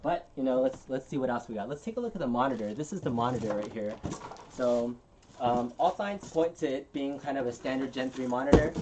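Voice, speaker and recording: Man, live-stream host, relaxed and rambling, average pitch, slight hiss behind. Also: brisk. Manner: relaxed, rambling, lots of fillers and restarts. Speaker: channel host. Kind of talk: casual live-stream unboxing chat.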